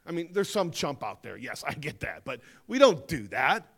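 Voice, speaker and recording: A man preaching a sermon, emphatic, slowing down to stress key phrases and dipping into quieter asides. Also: on the high side, very animated. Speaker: pastor.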